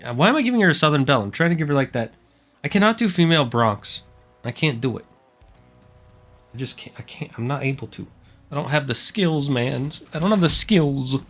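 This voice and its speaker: A male streamer chatting through his gameplay, self-deprecating and lively. His voice sits a little high and swings widely in pitch. Faint music runs behind him. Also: a little fast. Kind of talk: live gameplay commentary.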